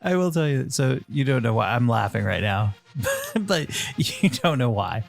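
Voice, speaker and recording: A man's voice: medium pitch, wildly swooping pitch, unhurried, vocal fry. A man co-hosting a casual podcast, teasing his partner with sarcastic complaints. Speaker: podcast co-host.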